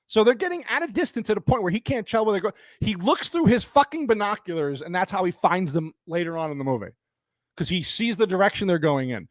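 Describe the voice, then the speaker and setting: A man's voice: high-pitched, expressive, a little fast, no room sound, studio quality. A man giving a profane, exasperated movie review in a ranting style.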